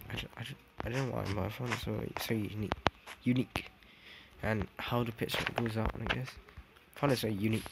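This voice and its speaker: A man's voice: lowish voice, fairly even intonation, brisk, gravelly. A young man giving a rambling, self-correcting walkthrough of a game build, saying "dude" often. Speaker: gaming vlogger. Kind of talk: casual game walkthrough commentary. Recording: noisy background hiss with clicks.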